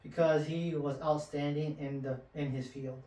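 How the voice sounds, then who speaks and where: A man's voice: on the high side, steady tone, moderate pace, mellow. A man co-hosting a casual podcast, earnestly telling corny jokes and talking about gaming. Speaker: podcast co-host. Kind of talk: casual chat. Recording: roomy echo, distant mic.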